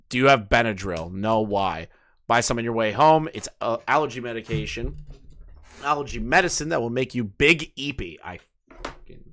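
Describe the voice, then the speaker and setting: Reading messages out loud, this late-20s man hosts casual commentary and ridicules them with disbelieving, foul-mouthed remarks. He has a mid-range voice that's a bit bright.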